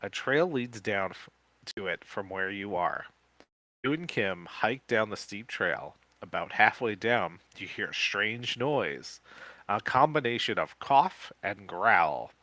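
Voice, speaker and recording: A man co-hosting a podcast, reading a gamebook aloud live in a casual way, with quick joking asides. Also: lowish voice, animated, bright, forceful tone, no room sound.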